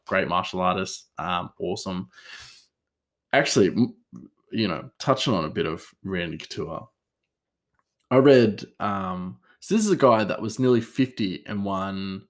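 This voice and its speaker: A man hosting a podcast alone, rambling casually with many fillers and self-corrections. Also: lowish voice. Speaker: podcast host. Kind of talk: casual solo chat.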